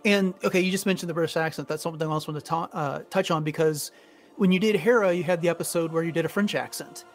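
Higher-voiced man podcast host. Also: steady tone, quick pace. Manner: curious, asks long follow-up questions. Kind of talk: casual podcast interview.

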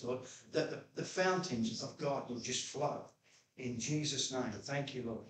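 A pastor gives a chatty, storytelling sermon, his voice sitting a little high for a man. He is picked up from some distance in an echoey church room, so the reverb is plain. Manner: chatty storytelling preacher, jumps to high pitch when quoting himself. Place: church hall.

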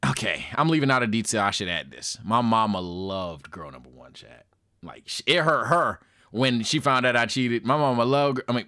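Animated young man telling a storytime. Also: fairly high pitch. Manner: animated, swearing, talks to chat. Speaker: storytelling streamer. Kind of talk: casual storytime monologue.

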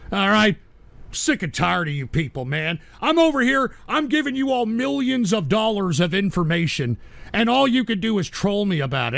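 A man's voice: sits high, sing-song, moderate pace, creaky, a bit bright, dry recording. A man hosting a livestream show, reading viewer donations and ranting at trolls with irritable, profane outbursts. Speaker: host.

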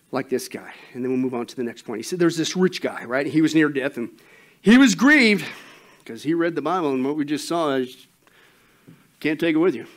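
A man preaching a sermon as pastor, animated and emphatic, telling a joke story. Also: on the high side.

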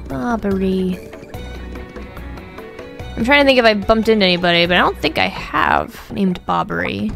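A woman's voice: mid-range voice, vocal fry, fairly bright tone. Playful woman mumbling through a game. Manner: playful, muttering to herself. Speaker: gaming video creator. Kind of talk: casual game commentary.

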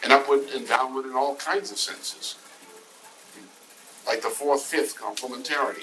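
Bright-toned man musing on music. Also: medium pitch, fairly even intonation, normal speed, pauses often, slight background noise, rough recording. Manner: rambling, jumps between half-finished thoughts. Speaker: speaker in a recorded talk. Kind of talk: loose spoken lecture.

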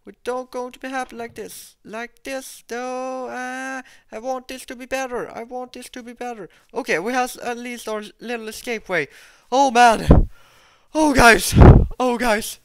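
A gameplay video host commenting on their play, excitable, repeating exclamations and talking straight to viewers. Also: medium pitch, a little slow, vocal fry, clean tone, no room sound, clean studio sound.

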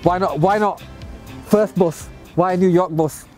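A man's voice: high-pitched, fairly even intonation, a little slow, darkish tone, faint music behind. A man talking casually to camera in a vlog, upbeat and chatty, outdoors beside a bus. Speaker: vlogger and bus converter.

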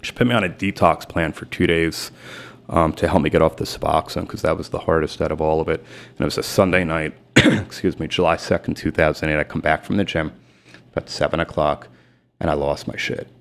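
A middle-aged man, a sports agent telling his story candidly in an interview, emphatic and retelling dialogue in rapid bursts. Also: a bass voice, steady tone, creaky. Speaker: guest, sports and celebrity agent.

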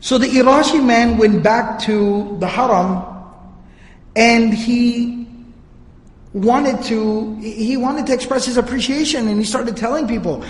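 A man's voice: very high voice, measured pace. A man giving a religious history lecture, telling the story earnestly and reciting Arabic passages. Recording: echoey hall reverb.

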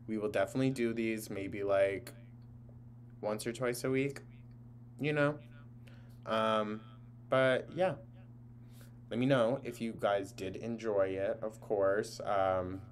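A man talks through a live reaction stream in a low, unhurried voice. His commentary is blunt and mocking, and he swears freely. It sounds like a casual chat with his viewers. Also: slight background noise.

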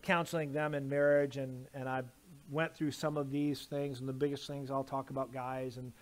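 A man's voice: mid-range voice, level tone, normal speed. A man preaching a sermon as pastor, with emphatic delivery and repeated lists of words. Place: church sanctuary.

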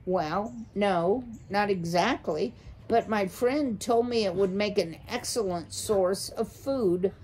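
A woman's voice: mid-range voice, slow pace, a little mellow, slight background noise, natural voice. A woman reading a storybook aloud, voicing a timid father deer mouse who stammers and hesitates. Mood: nervous.

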